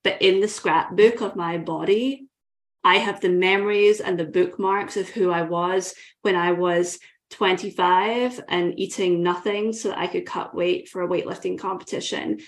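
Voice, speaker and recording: A woman's voice: on the low side, fairly even intonation, moderate pace. A Scottish woman in her thirties, a guest coach telling her own story in a thoughtful, earnest way. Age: 30s. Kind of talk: reflective personal storytelling.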